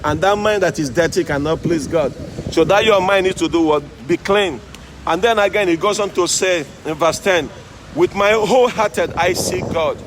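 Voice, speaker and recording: A man with a high voice preaching outdoors beside a road. He keeps asking his listeners "Amen?" and "you see?", while loud traffic noise runs under the whole recording. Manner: call-and-response, repeated "Amen?" and "you see?". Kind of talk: street sermon. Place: outdoors by a road with passing cars in the rain.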